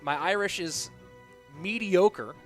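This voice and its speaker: A man's voice: sits high, takes it slowly. Chatty male esports caster over music. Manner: chatty, reads and answers chat while casting. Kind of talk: live game commentary.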